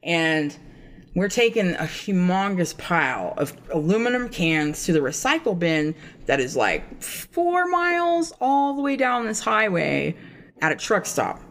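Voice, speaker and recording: A woman's voice: on the low side, sing-song, unhurried. A woman co-hosting a podcast, telling a rambling, profane story in casual chat. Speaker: podcast co-host.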